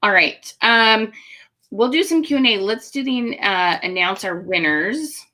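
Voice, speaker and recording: A woman hosts a live online webinar in a bright, crisp voice. She talks in an upbeat, chatty way, peppered with "um"s. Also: mid-range voice, animated, a little slow. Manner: upbeat, chatty, many fillers. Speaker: host.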